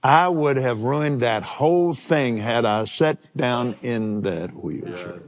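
An older man preaching a sermon, telling a personal story in an animated way and chuckling now and then. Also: mid-range voice, takes it slowly.

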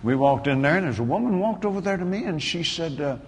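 Male preacher, animated storyteller, faint room ambience behind him. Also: fairly high pitch, fast, long reverb tail, slight background noise. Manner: animated, breaks into shouts and laughter. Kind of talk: sermon storytelling.

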